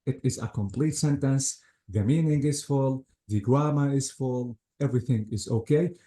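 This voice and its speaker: A man's voice: medium pitch, normal speed, warm tone. A man teaching an English grammar lesson, patiently repeating points and checking that the student follows.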